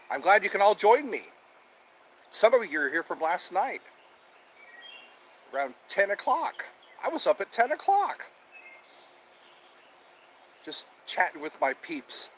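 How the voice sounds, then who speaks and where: A cheerful man chats with viewers on a live stream from outdoors, often repeating his lines. His voice sits a bit high and swings widely, and he talks slowly. Birdsong and faint outdoor noise run behind him. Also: very animated, fairly bright tone. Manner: cheerful, chatty, repeats himself. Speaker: livestream host. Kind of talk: casual live chat with viewers. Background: birds chirping.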